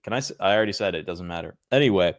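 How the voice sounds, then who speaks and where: Guy cohosting a podcast, lowish voice, dry close mic, just rambling through a story. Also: lively intonation, racing, dry recording. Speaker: podcast co-host. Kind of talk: casual chat.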